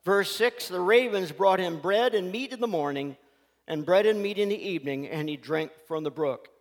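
A man preaching a sermon, telling stories in a folksy, animated way before a scripture reading. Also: high-pitched, moderate pace. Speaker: pastor. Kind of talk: sermon with storytelling. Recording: reverberant church hall.

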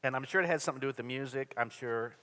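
A man's voice: mid-range voice, very fast, a bit bright. A man preaching a Sunday sermon, earnest and repetitive with dry humor, in a church. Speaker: pastor. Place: church sanctuary. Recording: long hall reverb.

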